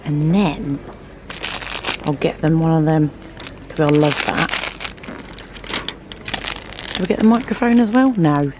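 A woman's voice: low-pitched, slow pace, long pauses, noisy background. A woman chatting casually to her phone for a vlog, telling stories, swearing freely and laughing often. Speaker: vlogger. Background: music.

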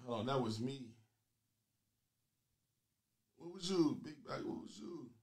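A man hosting a comedy call-in show with loud, crude, taunting banter aimed at his callers. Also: medium pitch, expressive, fairly quick.

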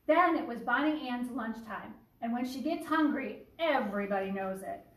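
Woman teacher reading a kids picture book out loud, lively asides, fairly high voice, echoey room, a bit far from the mic. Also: moderate pace. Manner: warm, animated storytelling with asides. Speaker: early childhood teacher.

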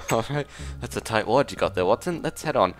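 A man's voice: medium pitch, animated, a little fast. A man hosting a gaming video in character as a pompous detective, with a put-on English accent and a jokey manner. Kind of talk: in-character let's play commentary.

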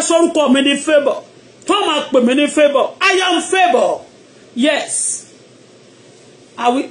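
A man with a Nigerian Yoruba accent leading a loud, repetitive prayer on a live stream, switching between English and Yoruba. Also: very high voice, slight background noise.

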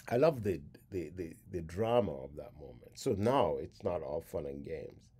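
A man lecturing thoughtfully on song lyrics. His voice sits low and dark, with a husky grain. He speaks deliberately and sometimes sinks to a near-hush. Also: expressive. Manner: deliberate, reflective, drops to a hush at moments. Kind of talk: spoken lecture.

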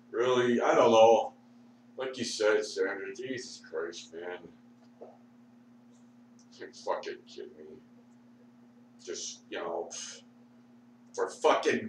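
A man ranting and muttering profanely in a rambling way, sore and struggling to get his words out. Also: fairly low pitch. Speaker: vlogger. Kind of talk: rambling rant at the TV. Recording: echoey room, mic far off, faint hum.

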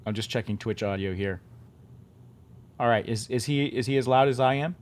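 A man's voice: medium pitch, normal speed, a little mellow, slight background noise. A man hosting a game studio's live stream in casual chat, talking loosely and often repeating himself as he restarts sentences. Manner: chatty, self-interrupting, repeats words.

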